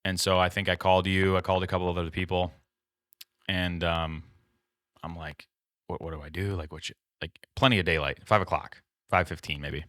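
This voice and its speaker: A man's voice: deep voice, little pitch movement, a little fast, a bit bright, no echo, clean studio sound. A man co-hosting a podcast, telling a story in a casual, rambling way, full of "like" and restarts. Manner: rambling, filler-heavy retelling with many "like"s. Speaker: podcast co-host.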